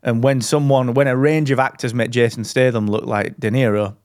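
A man co-hosting a podcast, chatting in jokey, animated banter. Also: mid-range voice, fairly quick, dry recording, clean studio sound. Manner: jokey, animated, slips into mock impressions. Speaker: podcast co-host. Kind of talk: casual banter.

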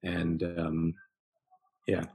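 A man's voice: low-pitched, completely flat delivery, very slow, creaky, dark tone, slightly rough, low-quality recording. A middle-aged man, a guest artist, chatting casually and enthusiastically on a podcast and laughing often.

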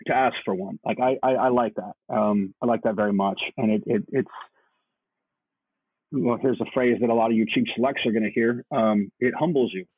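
A male podcast co-host chatting in a halting, earnest way, often repeating words as he gets emotional. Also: medium pitch, fairly even intonation, dry recording. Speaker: podcast co-host, Navy chief. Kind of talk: casual chat. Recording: husky voice over a tinny phone-like line.

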